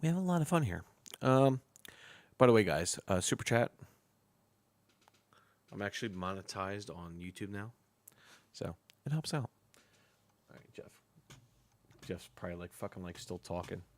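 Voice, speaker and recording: Man, stream host, gravelly, lively pitch, casual, swears. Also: moderate pace, long pauses, no room sound. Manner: loose, laughing, swears freely, talks to chat. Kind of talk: casual live stream chat.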